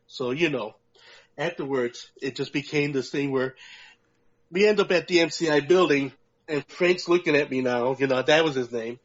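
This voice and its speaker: A man co-hosting a podcast, telling a long, profane, animated story about a prank with lots of laughter. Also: a little high, moderate pace. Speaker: podcast co-host. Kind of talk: casual storytelling chat. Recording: muffled lo-fi audio.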